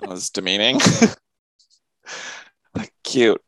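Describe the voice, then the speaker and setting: A man's voice: medium pitch, expressive, measured pace, dry recording. A young man co-hosting a podcast, rambling casually with plenty of swearing and laughter. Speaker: podcast co-host. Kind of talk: casual chat.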